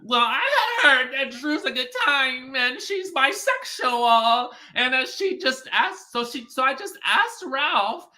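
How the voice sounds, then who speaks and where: A gossiping woman who can't keep a secret, as a man puts her on, giggling between every line. The voice sits high and bright, swinging up and down with a lively, teasing lilt. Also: takes it slowly, hardly any pauses, full character voice. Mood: gossipy.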